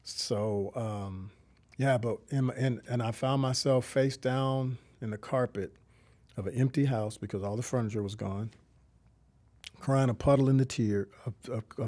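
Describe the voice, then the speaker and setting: A man's voice: medium pitch, dark tone. A middle-aged man giving an earnest, reflective faith testimony as an interview guest, often restarting his sentences. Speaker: guest, community founder.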